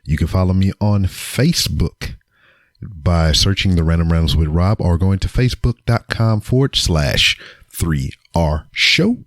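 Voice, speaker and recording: Very deep-voiced man roasting on a podcast. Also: expressive, measured pace, no room sound, clean studio sound. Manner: profane, joking roast delivered to camera. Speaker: podcast host. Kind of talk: casual solo podcast segment. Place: home recording setup on camera. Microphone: camera with mic.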